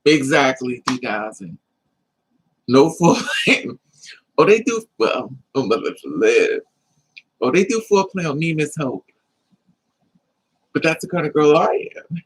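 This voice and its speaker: A woman's voice: low voice, very animated, a little slow, long pauses, husky, low-quality recording. A middle-aged woman chatting casually to her livestream viewers, sassy and emphatic, repeating her lines and calling people honey. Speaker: livestream host.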